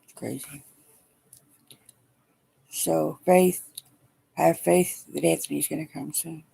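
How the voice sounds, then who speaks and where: A middle-aged woman speaking haltingly and wearily in a personal video diary, emotional as she talks. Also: deep voice, fairly even intonation, creaky, dark tone, slightly rough. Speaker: vlogger.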